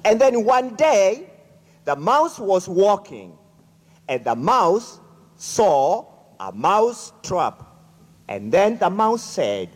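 Slow animated male storyteller in a hall. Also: high-pitched. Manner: slow, dramatic, addresses audience. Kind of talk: animated folk-tale storytelling. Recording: echoey hall.

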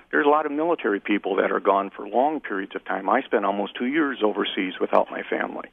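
A man calling into a radio show who speaks bluntly and holds firm opinions. His low, gravelly voice comes through a tinny phone line, and the sound is dry. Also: quick pace, hardly any pauses, no echo. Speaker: caller.

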